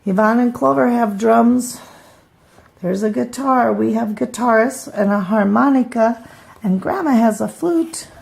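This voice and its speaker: An older woman, a grandmother, reading a storybook aloud to her grandchildren in an unhurried way. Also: a little high, gravelly, a little mellow.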